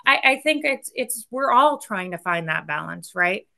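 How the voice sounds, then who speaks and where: A woman executive being interviewed, talking candidly and energetically in quick bursts that often trail off. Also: medium pitch, lively intonation, vocal fry, pushed and bright. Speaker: guest, company executive. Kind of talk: casual interview talk.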